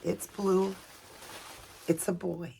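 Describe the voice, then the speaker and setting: A woman at home filming an unboxing video for her vlog, talking softly and gushing with emotion. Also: on the low side, level tone, takes it slowly, gravelly, a little hiss or hum. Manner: gushing, soft-spoken, emotional. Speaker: vlogger. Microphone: camera set up nearby.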